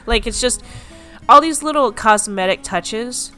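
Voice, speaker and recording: A woman's voice: a little high, lively intonation, unhurried, bright, forceful tone, faint music behind. Chatty woman gushing about a game. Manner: chatty, full of fillers and laughter. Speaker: podcast co-host. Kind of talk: casual gaming chat.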